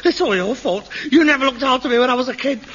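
An actor playing a melodramatic, hypochondriac grown son, pompous and whining in a 1960s sitcom. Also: male voice, extremely high pitch, fast talker, fairly bright tone, a little hiss or hum. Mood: accusing. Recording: dull old television recording.

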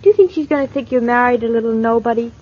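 An actress playing a new wife, chatty and a little nervous, in vintage film dialogue on dull lo-fi audio. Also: female voice, on the high side, rapid-fire, husky.

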